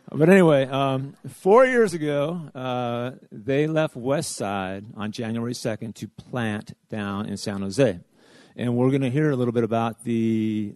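A man's voice: mid-range voice, a little mellow, no room sound. Male church leader, loose and rambling with fillers, dry close sound. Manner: rambling, filler-heavy, self-interrupting. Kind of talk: casual church announcements.

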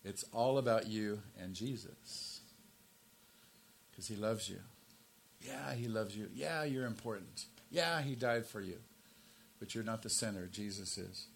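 A man's voice: unhurried, creaky, slight background noise. Emphatic pastor in his sixties. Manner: emphatic, rises to forceful stresses then drops low and quiet. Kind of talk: sermon.

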